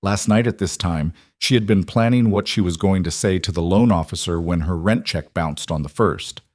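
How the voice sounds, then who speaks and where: A man reads a crime story aloud with steady, measured storytelling. His voice sits low and the sound is dry and close, with no room. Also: no room sound. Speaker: narrator. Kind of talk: scripted story narration.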